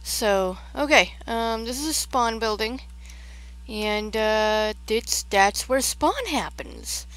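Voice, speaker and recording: A woman's voice: fairly high pitch, animated, slow, a bit bright, low-quality recording. A woman chatting casually on a game livestream, rambling and trailing off as she gives a tour of a build. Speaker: Minecraft livestreamer.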